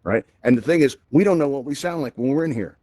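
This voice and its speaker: A man hosting a casual tech presentation in a virtual reality space, chatty and quick, often checking in with the audience. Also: medium pitch, expressive, mellow, no room sound. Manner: fast, chatty, keeps checking in with "right?". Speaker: event host. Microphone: VR headset microphone.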